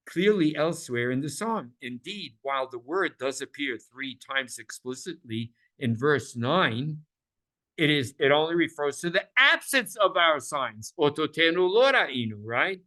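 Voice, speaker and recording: A man teaches a scripture class with lively energy and a bright, forceful voice, his pitch sitting a little high for a man. He repeats key words over and over and keeps checking that his listeners are following along. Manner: animated, repeats words for emphasis, asks listeners questions.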